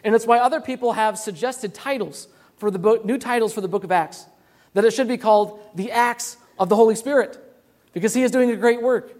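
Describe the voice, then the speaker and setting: High-voiced young pastor preaching. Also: male voice, a little fast, a little mellow. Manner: earnest, repeats words as he explains. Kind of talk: sermon.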